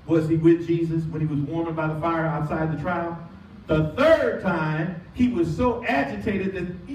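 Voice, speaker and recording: A pastor preaching a sermon, with emphatic calls to the congregation and call-and-response. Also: male voice, a little high. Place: church sanctuary. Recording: echoey church from a distance.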